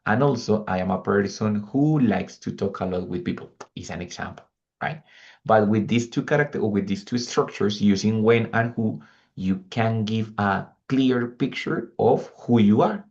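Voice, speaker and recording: A man's voice: on the low side, normal speed, gravelly, a little mellow, muffled recording. A male English teacher giving a lesson, patiently repeating example phrases and checking in with his students. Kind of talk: online language lesson, mixing English and Spanish.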